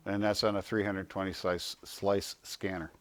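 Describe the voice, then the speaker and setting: A man's voice: deep voice, moderate pace, no echo. A man giving an informal health talk to a small audience, telling stories and asking himself questions, then answering them. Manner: animated storyteller, acts out quotes in a raised voice; asks and answers his own questions.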